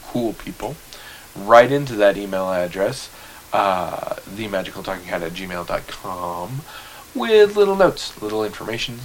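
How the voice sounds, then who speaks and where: A man co-hosts a podcast in loose, rambling chat, joking and sometimes trailing off into mumbles. His voice sits a bit low, with faint hiss in the recording. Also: moderate pace, poor audio. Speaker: podcast co-host.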